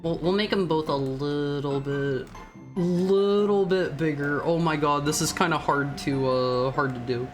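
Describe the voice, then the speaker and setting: A man's voice: a little high, unhurried, music in the background. A man streaming as a VTuber, chatting casually with his viewers in a playful, teasing way and often stumbling over his words. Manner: playful, stammering restarts, teasing chat. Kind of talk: casual live-stream chat.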